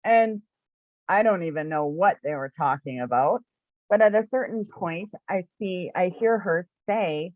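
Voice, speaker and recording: A woman's voice: on the low side, measured pace, no echo. A woman from eastern Canada telling a personal story in a chatty way, with many "like" fillers and frequent laughs. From Canada, New Brunswick area. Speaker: spiritual shop owner and teacher. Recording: dry, phone-like narrow sound.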